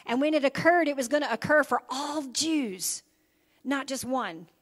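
Speaking at a moderate pace with lively intonation, a woman pastor's high-pitched voice fills the church sanctuary during an evening sermon. Her style is conversational, full of "okay?" and "right?" check-ins.

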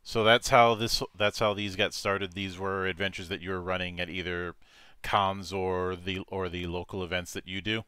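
A man's voice: low voice, flat delivery, moderate pace, pushed and bright, smooth, no room sound. A man hosting a casual interview and telling joking stories about his game table. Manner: joking, storytelling. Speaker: interview host, game master.

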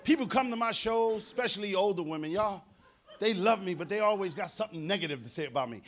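A middle-aged stand-up comedian with a New York accent performs live on a theater stage. His voice sits very high for a man, bright and cutting, and it leaps wildly in pitch as he goes from low asides to full shouts. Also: expressive, fast, slight background noise. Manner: loud, brash, swinging from mutters to shouts.

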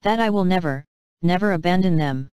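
A woman reading the lines of a loving heavenly father figure in a soft, slow, tender way. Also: fairly low pitch, clean tone, dry recording, close to an everyday voice. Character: tender fatherly God, male, gentle and loving.

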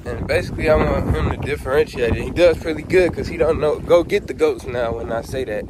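A man vlogging outdoors on his rural property, talking in a laid-back, slangy way and calling loudly to his dog. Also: a little high, fairly quick, heavy background noise. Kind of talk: casual outdoor vlog.

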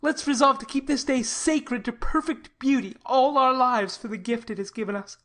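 A woman reading the lines of a frank, tender young man in love, at a quick, heartfelt pace. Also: sits high, fairly bright tone. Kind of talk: audiobook character reading.

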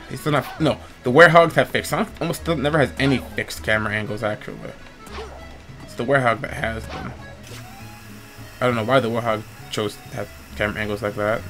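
A man's voice: mid-range voice, fairly quick, music in the background. Congested man rambling through gameplay. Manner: rambling, self-interrupting. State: stuffy nose. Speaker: let's player. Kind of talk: casual gameplay commentary.

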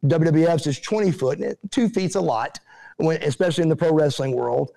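A middle-aged man, a guest telling animated stories and acting out what people said. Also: a little high, fairly quick, creaky. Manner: animated, acts out quotes in other voices. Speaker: interview guest, former pro wrestler. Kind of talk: casual storytelling.

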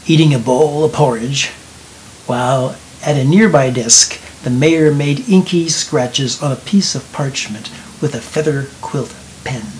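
A man narrates a storybook in a slow, gentle reading voice. He often lowers to a near whisper on quiet moments. A faint steady hiss sits under the recording. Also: rough recording.

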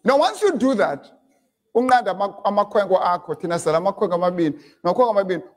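A man preaching a sermon in a church, switching between English and Xhosa and building up to shouted lines. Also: high voice, animated, fast talker. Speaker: pastor.

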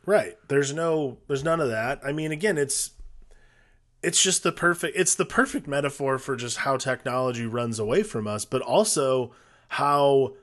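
A man's voice: mid-range voice, normal speed, a bit bright. A man co-hosting a film podcast, talking casually and working through his thoughts with restarts. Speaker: podcast co-host.

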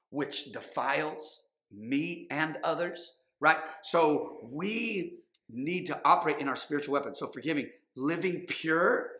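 Pastor guy preaching, bright voice bouncing round a big echoey church, kinda high. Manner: emphatic, repeats phrases, acts out quotes. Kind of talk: sermon. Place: church sanctuary.

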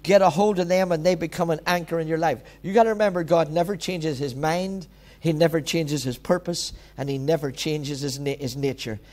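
Male pastor, high-pitched, emphatic repetitive sermon delivery. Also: steady tone, fairly quick, a little mellow. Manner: emphatic, repetitive preaching with direct exhortations.

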